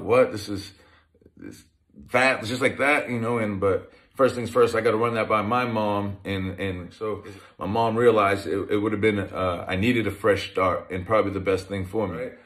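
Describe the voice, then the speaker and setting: With a voice on the low side and a bit of brightness, a former professional football player in his thirties from Massachusetts recounts his life. He talks casually, often restarting sentences and using fillers as he tells his story.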